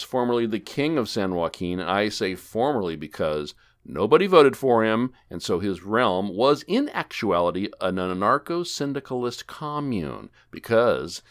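A man hosting a comedic gaming podcast, joking theatrically and swinging between loud declarations and quiet asides. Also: fairly low pitch, smooth. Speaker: podcast host.

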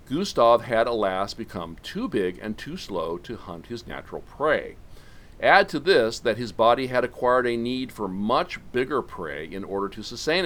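Wry man with a lively low voice. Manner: wry, sardonic asides. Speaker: podcast host. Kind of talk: comic storytelling monologue.

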